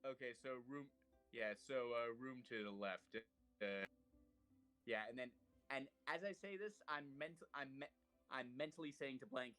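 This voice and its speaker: A man's voice: medium pitch, moderate pace, bright, forceful tone, smooth, faint music behind. Hesitant man playing a tabletop game. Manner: hesitant, many restarts and fillers. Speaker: player. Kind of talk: casual tabletop play over voice chat.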